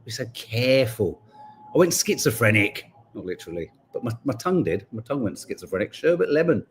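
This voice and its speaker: A man's voice: mid-range voice, big pitch swings, brisk, slight background noise. A middle-aged man hosting a podcast, chatting casually with viewers in a rambling, self-correcting way. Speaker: podcast host. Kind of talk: casual chat greeting live viewers.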